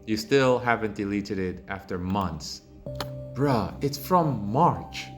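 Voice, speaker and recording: A man hosting a commentary video, reading out viewer comments and ranting in a mocking, heated way that climbs into loud exasperated outbursts. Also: lowish voice, expressive, takes it slowly, music in the background. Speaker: commentary channel host.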